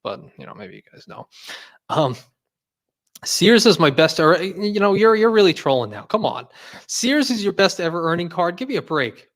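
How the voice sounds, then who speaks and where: A man's voice: high voice, very animated, normal speed, a bit bright. A man hosting a casual livestream, rambling and jokey, laughing often and second-guessing himself. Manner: jokey ranting. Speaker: host.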